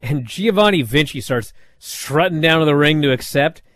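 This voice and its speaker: A man talks through a wrestling show in a loose podcast recap. His pitch swings up and down as he tells it, with frequent fillers, and the sound is dry with no room echo. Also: normal speed. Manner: animated storytelling with frequent fillers.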